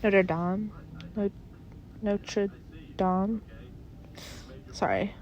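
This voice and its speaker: Slow-talking giggly young woman host. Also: mid-range voice, steady tone, highs cut off, slight background noise. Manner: rambling and giggly, trailing off into mumbles. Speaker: podcast host. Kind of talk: casual chat.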